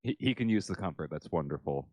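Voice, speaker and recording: A man playing a character in a tabletop game, speaking in a low-key, halting way. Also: expressive, a little mellow, no echo. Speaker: player.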